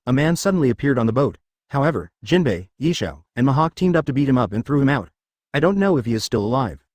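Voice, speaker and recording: A man reading fan fiction aloud as scripted narration, in an even, quick storybook manner. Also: mid-range voice, no echo, clean studio sound.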